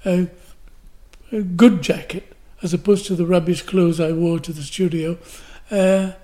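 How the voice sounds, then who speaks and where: A man's voice: sits high, dark tone. Older Glasgow-born man telling stories. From Glasgow, Scotland. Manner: vivid storyteller who acts out the quotes. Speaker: guest actor. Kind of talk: anecdotal storytelling.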